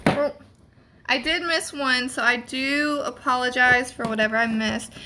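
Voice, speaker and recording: A woman's voice: high-pitched, steady tone, measured pace, heavy background noise. A young woman hosting a casual live stream from home on her phone, rambling and chatty with lots of "like" fillers.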